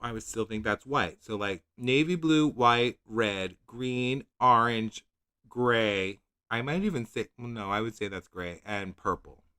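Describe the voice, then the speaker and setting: A man hosting a nail polish channel livestream speaks at a measured pace in a medium-pitched voice that's pushed, bright and smooth. He rambles, second-guesses himself and laughs at his own confusion, reading product blurbs in a mock-dramatic voice.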